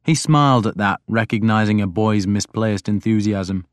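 A man's voice: lowish voice, moderate pace, clean tone, dry recording. Man narrating an audiobook, dry close sound. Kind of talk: scripted first-person narration.

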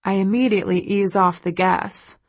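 A woman's voice: mid-range voice, steady tone, moderate pace, no room sound. A woman narrating a first-person audiobook, a breathless inner monologue with sudden exclamations.

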